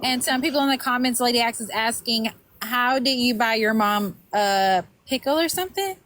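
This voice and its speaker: A woman's voice: on the high side, moderate pace, fairly bright tone, dry recording. A woman on a livestream panel, passing along viewer comments in a hesitant, casual way. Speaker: panel guest.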